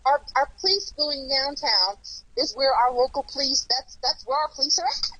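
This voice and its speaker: Woman, casual talk show host, high pitch, bright voice, dry close sound, blunt and animated. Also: moderate pace, no echo, poor audio. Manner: animated, repeats herself, swears. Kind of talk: casual chat.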